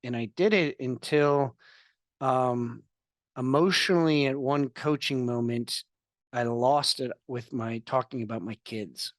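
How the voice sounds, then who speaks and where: An earnest man talks candidly as a podcast guest, telling his own story in a confessional way. His voice sits at an everyday middle pitch. The sound is dry and close, with no room around it. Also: unhurried, dry recording. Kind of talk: candid interview talk. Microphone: video call.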